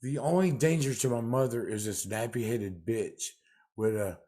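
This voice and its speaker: A man ranting angrily to the camera in a profane, confrontational way, repeating himself with loud outbursts. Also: medium pitch, moderate pace.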